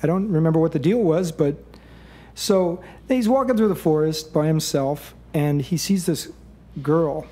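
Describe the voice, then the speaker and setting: A middle-aged man on a live stage telling a rambling comic fairy tale, chuckling through deadpan asides. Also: a little high, a little slow.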